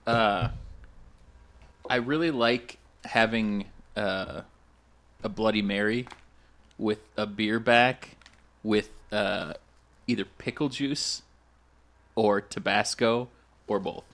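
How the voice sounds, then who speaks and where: A man's voice: fairly low pitch, fairly even intonation, slow pace, long pauses, fairly bright tone. A man from Minnesota chatting casually on a podcast, telling rambling, jokey stories. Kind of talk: casual chat.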